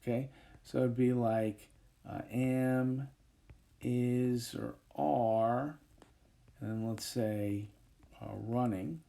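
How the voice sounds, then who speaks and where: A male teacher giving a recorded grammar lesson over a whiteboard, talking in a relaxed way with many fillers and frequent checks of "okay". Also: mid-range voice, drawn-out words, gravelly, pauses often. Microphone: tablet microphone, voice-over.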